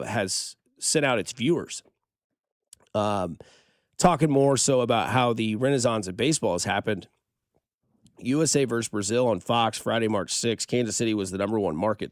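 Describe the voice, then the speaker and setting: A man's voice: mid-range voice, no echo. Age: adult. Sex: man. Role: sports radio host. Style: casual sports talk with lots of "uh" and "um". Mic: dry studio microphone. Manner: rambling, filler-heavy delivery.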